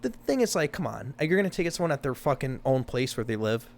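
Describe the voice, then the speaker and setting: A man in casual chat, cutting in with quick reactions and swearing. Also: medium pitch, big pitch swings.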